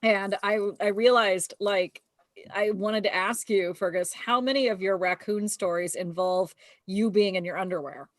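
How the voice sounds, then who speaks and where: A woman's voice: mid-range voice, steady tone, normal speed, no echo. A woman co-hosting a casual podcast chat, teasing her guest and laughing easily. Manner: playful, teasing, laughs often. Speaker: podcast co-host.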